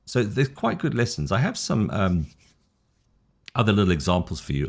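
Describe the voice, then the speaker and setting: A middle-aged man with a British accent and a low, deep voice teaches an English lesson as if to a single student. He is enthusiastic and rambling, stumbles over his words, and makes fun of his own slips. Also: huge pitch swings, moderate pace, creaky, pauses often, breathy edge. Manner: rambling, gets tongue-tied, self-deprecating. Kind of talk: casual one-to-one style English lesson.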